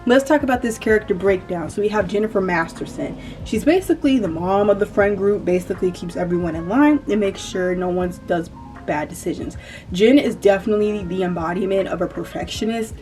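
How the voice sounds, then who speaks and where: A woman's voice: medium pitch, brisk, darkish tone, distant mic. A woman with a slight country accent talking casually to camera as a YouTuber, chatty and rambling, often correcting herself. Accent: Southern US country. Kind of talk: casual commentary vlog. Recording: voice a bit off-mic with faint music.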